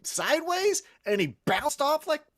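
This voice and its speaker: A man's voice: very high voice, sing-song, measured pace, a bit bright. A man co-hosting a podcast, telling stories in a rambling, profane casual chat. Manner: rambling storyteller, salty and profane. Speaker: podcast co-host.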